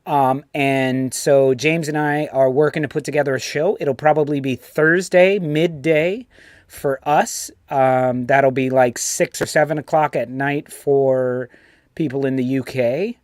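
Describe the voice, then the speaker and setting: A man with a New York accent hosting a casual sports fan show, animated and swearing freely. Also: mid-range voice, measured pace, dry recording, clean studio sound. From United States. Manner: animated, swears freely, puts on voices when quoting. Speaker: host.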